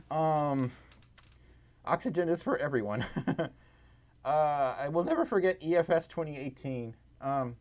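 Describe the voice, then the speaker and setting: A young man chatting on a livestream, reading out donations in an excitable, giggly, rambling way that keeps running him out of breath. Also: medium pitch. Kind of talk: casual livestream chat. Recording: slightly dull lo-fi stream audio.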